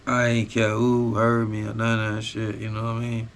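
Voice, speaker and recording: A man's voice: fairly low pitch, monotone, normal speed, slight background noise. A man hosting a podcast, telling a personal story in a raw, profane, casual street style. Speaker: podcast host.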